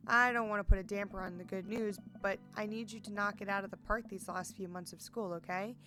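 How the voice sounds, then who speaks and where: A woman voicing a proud, soft-hearted father from a dating-sim game, reading his lines in a gentle, earnest way. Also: medium pitch, steady tone, brisk, over music, natural voice. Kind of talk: reading game dialogue aloud.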